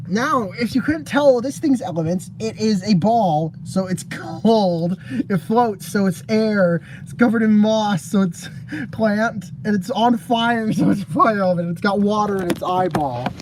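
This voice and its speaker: A woman's voice: mid-range voice, unhurried, a little hiss or hum, rough recording. A young woman casually reading out her fan-game designs to a friend, stumbling and laughing at her own ideas. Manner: giggly, stumbling and self-mocking.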